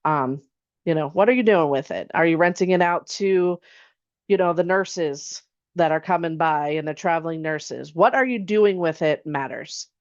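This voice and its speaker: A woman's voice: low voice, moderate pace, no echo. Chatty woman presenting an online webinar. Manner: conversational, frequent "okay?" check-ins and rhetorical questions. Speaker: insurance agent presenter. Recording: dull lo-fi online webinar audio.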